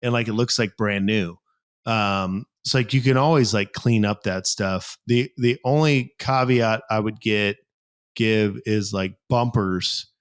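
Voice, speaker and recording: This co-host of a laid-back podcast is from the United States, with a fairly low, clear, resonant voice and measured delivery. His chat wanders through animated stories with acted-out quotes and gym-equipment explanations, thick with fillers.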